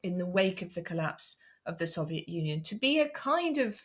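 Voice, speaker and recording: A woman's voice: on the low side, very animated, moderate pace. A middle-aged British woman co-hosting a podcast, thinking aloud and correcting herself as she builds her questions, with a wry humour. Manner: thoughtful, self-correcting, wry. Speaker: podcast co-host. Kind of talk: conversational expert discussion.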